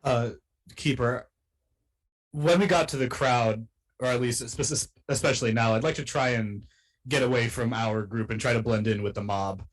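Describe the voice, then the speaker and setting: Male player, mid-pitched, casual and halting. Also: rough recording. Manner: halting, hesitant, with fillers. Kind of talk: casual tabletop play.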